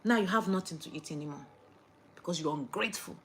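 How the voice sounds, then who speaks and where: Preachy lady scolding her viewers, goes loud then whispery, faint background hum. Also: lowish voice, fast. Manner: preachy, scolding, swings between loud and hushed. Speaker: vlogger. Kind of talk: casual chat to camera.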